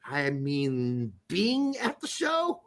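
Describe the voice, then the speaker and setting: A joking male podcast host with a high voice that swings up and down a lot. He is crude and profane and often breaks into laughter in loose banter with his co-host. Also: huge pitch swings, extremely slow.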